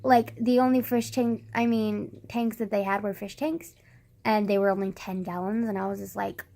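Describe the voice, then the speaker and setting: A woman's voice: mid-range voice, moderate pace, creaky. A young woman telling a rambling story in a casual vlog, full of "like" and swearing, acting out what people said. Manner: rambling, heavy use of "like", swearing; animated retelling with quoted dialogue.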